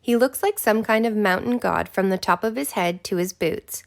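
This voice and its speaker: Gravelly-voiced woman narrating a romance. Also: medium pitch, normal speed. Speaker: audiobook narrator. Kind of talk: scripted first-person romance narration.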